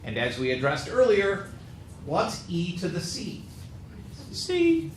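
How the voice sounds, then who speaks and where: A slightly high-voiced math teacher speaks in an animated, unhurried way during a calculus lecture, joking wearily with his students while working a problem. The room is echoey, and faint noise sits underneath.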